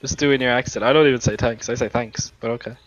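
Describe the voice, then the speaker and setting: A young man with a mid-range voice talks very fast in a fairly even tone, arguing heatedly in a gaming voice chat. He swears, rambles and defends his logic, picked up on a lo-fi voice chat mic with faint music behind him.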